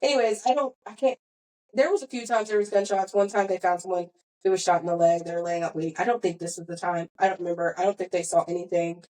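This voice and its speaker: A woman's voice: lowish voice, fairly even intonation, quick pace, mellow, poor audio. A young woman hosting a podcast, telling a long story in a rambling, self-correcting way. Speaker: podcast host. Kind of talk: casual storytelling chat.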